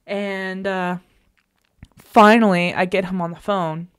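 Woman, vlogger, personal storytime, exasperated, emphatic, medium pitch. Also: fairly even intonation, slow, clear, resonant tone. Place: a bedroom at home.

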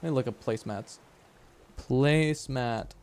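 A man's voice: mid-range voice, measured pace, darkish tone, smooth. Playful male streamer chatting. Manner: playful, chatty, joking with chat. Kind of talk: casual livestream gaming chat.

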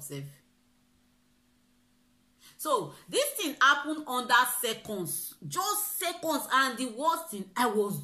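A young Nigerian woman telling an animated story-time tale in a car, slipping in and out of pidgin. Her voice sits a little high and rings bright and forceful, with a roomy echo around it. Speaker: vlogger.

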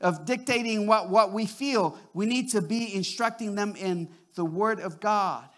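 A man preaching a sermon to a congregation, animated, often repeating words and restarting his sentences as he acts out little quotes. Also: high voice, measured pace. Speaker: pastor.

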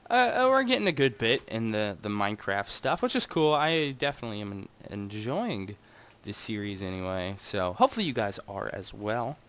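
A young man giving casual, rambling commentary while playing a game and talking to his viewers. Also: a bit bright. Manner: rambling and chatty, talks to his audience, jumps between wild highs and mutters. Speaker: Minecraft gaming channel host.

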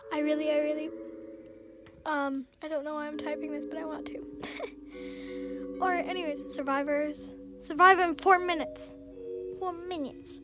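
A young woman casually commenting on a game she is playing, giggling often and easily spooked. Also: high voice. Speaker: gameplay streamer. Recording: music playing underneath.

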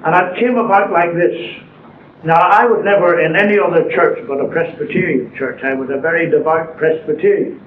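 An older man gives an earnest sermon testimony, taking his time over the key words. His voice sits fairly high for a man and comes from far back in a roomy church. The recording is thin and phone-like, with a faint hiss underneath. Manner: earnest, storytelling, slow deliberate emphasis. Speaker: preacher.

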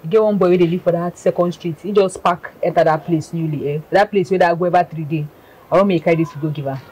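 A woman's voice: fast, a little mellow, slightly rough, low-quality recording. A woman playing a scolding Nigerian mother. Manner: shrill, scolding.

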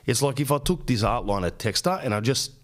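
An Australian man in his thirties hosts a podcast with a mid-pitched voice. He rambles through comic stories, swearing freely and wandering off on tangents. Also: expressive, brisk, fairly bright tone. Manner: rambling, profane storytelling. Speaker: podcast host. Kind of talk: casual comic monologue.

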